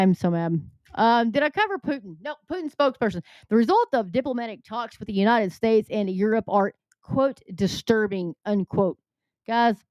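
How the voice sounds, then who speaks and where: A woman's voice: mid-range voice, clean tone, dry recording. Urgent woman reading news commentary. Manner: earnest, urgent, addresses listeners directly. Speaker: host. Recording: slightly dull lo-fi sound.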